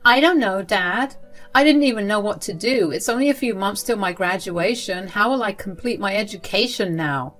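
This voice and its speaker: A woman's voice: medium pitch, moderate pace, fairly bright tone, faint music behind, lightly acted. A woman voicing a distraught teenage girl who talks in an upset, pleading way. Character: distraught teenage girl, high school senior.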